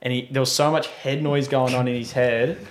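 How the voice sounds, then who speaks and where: A man's voice: mid-range voice, fairly quick, a crowd in the background. A young man telling a story in casual podcast chat, acting out the people in it and laughing often. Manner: animated, acts out quoted voices, laughs often.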